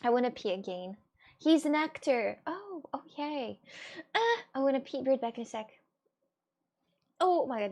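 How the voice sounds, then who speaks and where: A woman's voice: high-pitched, sing-song, moderate pace, pauses often, darkish tone. A young woman streamer chatting casually to her viewers, rambling and giggling often. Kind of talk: casual chat.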